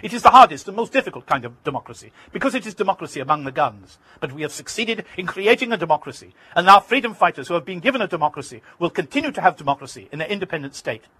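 A man voicing a furious, defiant older political leader who shouts in broken English. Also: high voice, rapid-fire, husky, no room sound, pitched above the performer's own voice. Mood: proud.

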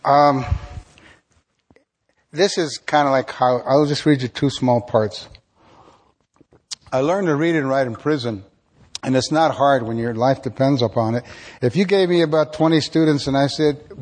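A man reads his own prose to a room of listeners, talking plainly between passages. His voice is husky and his pitch sits in a middling register. He slips and restarts now and then like someone speaking off the cuff. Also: unhurried, long pauses, in a large hall. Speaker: author reading his own work. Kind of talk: live literary reading.

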